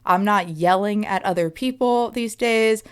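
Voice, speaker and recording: A woman's voice: mid-range voice, unhurried, clear, resonant tone. Emphatic woman podcaster in her thirties. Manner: emphatic, conversational, often asks "right?". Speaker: podcast host. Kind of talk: solo reflective podcast talk.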